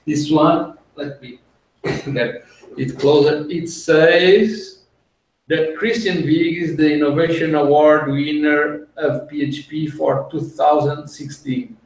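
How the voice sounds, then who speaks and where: A man hosting a casual tech podcast over a video call, talking in an unhurried, explanatory way and laughing easily. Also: fairly high pitch, fairly even intonation. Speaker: podcast host. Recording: echoey room, far from the mic.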